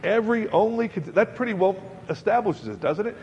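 A man's voice: high voice, animated, fairly quick, creaky, a little mellow, slight background noise. A man preaching a sermon to a congregation in a chatty, emphatic way, repeating words for stress. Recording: dull lo-fi recording in a large hall.

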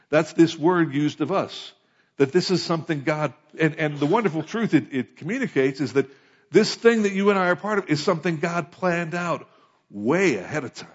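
A man's voice: on the high side, lo-fi sound. A man from the United States preaching a sermon as pastor, conversational and often asking his listeners questions. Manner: conversational, asks the congregation questions.

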